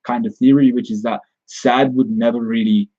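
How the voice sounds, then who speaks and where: A man's voice: mid-range voice, fairly even intonation, normal speed, warm tone, muffled recording. A man giving a casual spoken recap and review of a comic chapter, rambling with frequent restarts and self-corrections.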